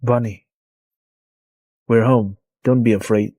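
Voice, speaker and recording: An actor dubbing a devoted, possessive young man who speaks softly but insistently. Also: mid-range voice, fairly even intonation, slow, dry recording, studio quality. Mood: tender. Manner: soft, insistent. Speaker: wealthy male lead. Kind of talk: dubbed drama acting.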